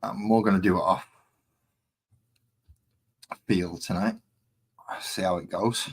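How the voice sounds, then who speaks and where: A man's voice: deep voice, steady tone, slow pace, slightly rough. A man with a West Midlands accent, chatting casually and rambling with self-mockery while he sets up and paints on a live stream. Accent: West Midlands English.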